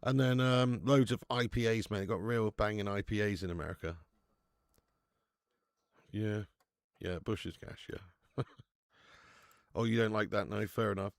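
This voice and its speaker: A man's voice: fairly low pitch, fairly even intonation, unhurried, long pauses, dry recording. Laddish British man hosting a football stream. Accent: British English. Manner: laddish banter, swearing, reading out chat. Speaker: host. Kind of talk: live football watch-along chat.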